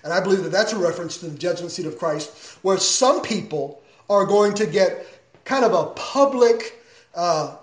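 A man preaching a sermon as a pastor, emphatic, with big swings in pitch and loudness. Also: expressive, normal speed, roomy sound.

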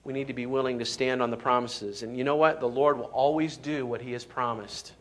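A man's voice: mid-range voice, steady tone, brisk. A pastor delivering a sermon, preaching emphatically, reading scripture aloud and often restarting his sentences.

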